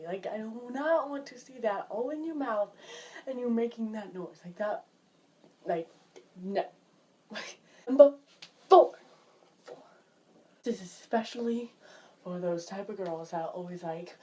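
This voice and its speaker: A woman's voice: mid-range voice, measured pace, pauses often, a little mellow. A woman vlogging in a casual, chatty way, sounding exasperated and filling her talk with "like". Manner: chatty, exasperated, filler-heavy with "like". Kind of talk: casual vlog chat.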